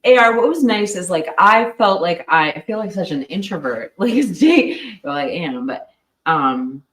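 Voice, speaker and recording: A woman's voice: mid-range voice, big pitch swings, fairly bright tone. A woman co-hosting a true crime livestream, talking in a chatty way, laughing often and saying "like" a lot. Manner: chatty, quick to laugh, lots of "like". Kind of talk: casual livestream chat. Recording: roomy sound from a distance.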